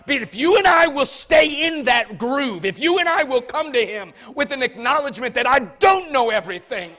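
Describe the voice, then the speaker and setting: A man preaching a sermon, swinging from loud shouts to soft asides. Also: extremely high pitch, lively intonation, normal speed.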